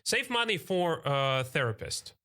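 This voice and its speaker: A man's voice: a little high, sing-song, a little slow, pushed and bright. Man, hesitant podcast host. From Russia. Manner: hesitant, many fillers, chatty. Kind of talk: casual chat.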